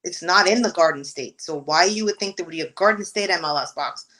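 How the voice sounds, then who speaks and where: A woman's voice: on the low side, fairly quick, rough recording. A woman, a real estate agent and guest, telling work stories in casual interview talk with exasperated asides. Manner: animated storytelling, exasperated asides.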